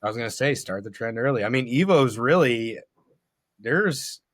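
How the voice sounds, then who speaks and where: A man in casual conversation on a motorcycle podcast, relaxed and swearing freely. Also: medium pitch, moderate pace, no room sound, studio quality. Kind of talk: casual chat.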